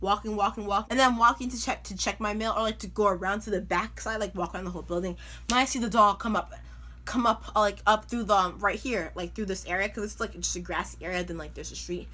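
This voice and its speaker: A young woman vlogger telling a funny personal story in an animated, chatty way, full of "like" and "you know". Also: medium pitch, fast talker. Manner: animated, chatty, filler-heavy with lots of "like". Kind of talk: casual storytime.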